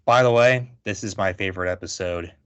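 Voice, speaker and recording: A man's voice: low voice, a little fast, clear, resonant tone, dry recording. A man co-hosting a podcast, chatting casually and rambling through thoughts with lots of fillers. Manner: rambling, filler-heavy, animated asides. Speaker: podcast co-host. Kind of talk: casual chat.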